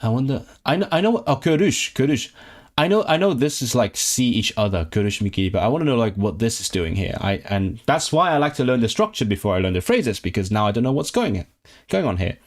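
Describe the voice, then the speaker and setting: With a sing-song, mid-range voice and a fairly quick delivery, a Hong Kong man streams his language learning to his chat. He sounds out words, repeats them, and corrects himself out loud.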